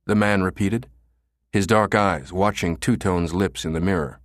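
A man narrating a thriller audiobook in a measured, dramatic way. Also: deep voice, dry recording, studio quality.

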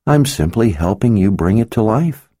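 A man voicing a sly, seductive woman in disguise who teases slowly and knowingly, in an audiobook. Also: fairly low pitch, lively intonation, mellow, no echo, studio quality, pitched above the performer's own voice. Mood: sly teasing. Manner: teasing, knowing, unhurried.

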